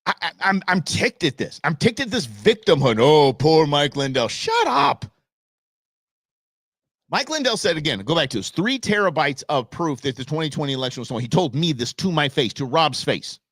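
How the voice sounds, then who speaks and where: A man's voice: fairly high pitch, very animated, fairly quick, hardly any pauses, fairly bright tone, husky, dry recording, studio quality. A middle-aged man hosting a live talk show, ranting bluntly and with exasperation. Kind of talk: opinionated live show rant.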